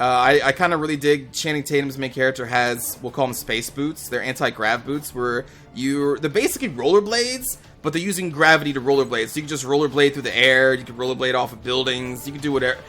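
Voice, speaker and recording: A man's voice: medium pitch, pushed and bright. A young man rambling casually as a gaming channel host, talking over his gameplay with lots of fillers and the odd swear word.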